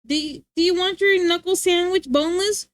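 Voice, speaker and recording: A woman's voice: very high-pitched, fairly quick, background noise. A woman streamer chatting casually and playfully with her live chat, laughing often.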